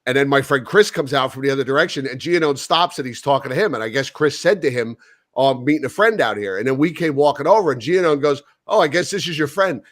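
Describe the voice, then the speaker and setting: A man's voice: medium pitch, lively intonation, quick pace, no echo, clean studio sound. A man co-hosting a sports podcast in casual chat, telling a story in a rambling way with many restarts. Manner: rambling storyteller who repeats himself and acts out quoted talk. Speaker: podcast co-host.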